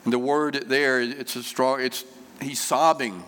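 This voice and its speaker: A man preaching a sermon, unhurried and conversational, with frequent fillers and repeated phrases. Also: mid-range voice, steady tone, fairly bright tone, a little hiss or hum. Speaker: pastor. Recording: long reverb of a church hall.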